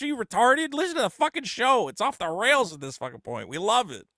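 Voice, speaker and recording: Bright, animated man ranting on a podcast. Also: very high-pitched, brisk, hardly any pauses, dry recording, clean studio sound. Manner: loud, profane, ranting. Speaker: podcast host. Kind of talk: casual call-in chat.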